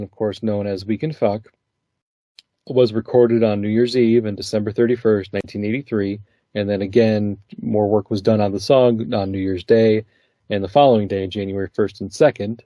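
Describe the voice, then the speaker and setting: A man's voice: on the low side, no room sound. A man hosting a podcast, talking casually with a guest and laughing often. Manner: laughs often, relaxed conversational delivery. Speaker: podcast host.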